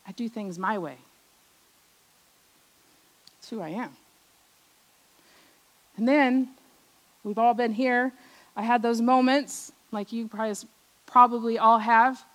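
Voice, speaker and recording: A middle-aged woman preaching a personal testimony, telling stories from her childhood, acting out the voices she remembers and often trailing off softly. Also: a little high, low-quality recording. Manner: storytelling, acts out remembered voices, drops soft at ends of lines. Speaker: speaker at a church service.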